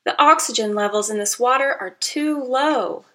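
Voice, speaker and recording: A woman's voice: fairly high pitch, normal speed, fairly bright tone, natural voice. A woman voicing an adventurous female trout who frets and exclaims about her water in a storybook reading. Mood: disgusted. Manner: fretful, exclaiming, picky.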